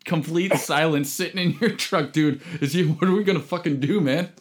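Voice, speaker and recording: A man co-hosting a casual podcast chat, easygoing and quick to laugh along. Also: fairly high pitch. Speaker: podcast co-host.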